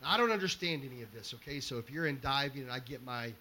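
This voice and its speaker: A man's voice: mid-range voice, lively intonation, fast talker, bright, forceful tone, a little hiss or hum. A middle-aged man preaching, telling a story conversationally with fillers and restarts. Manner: conversational, fillers and self-corrections. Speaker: pastor. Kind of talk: storytelling sermon.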